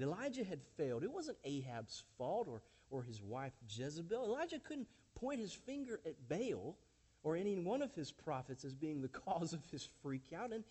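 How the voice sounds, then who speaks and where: A man with a notably high voice delivers a sermon from the pulpit. He speaks emphatically to his congregation, calling them friends and church. He keeps turning points into rhetorical questions. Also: darkish tone. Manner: addresses listeners as friends and church. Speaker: pastor.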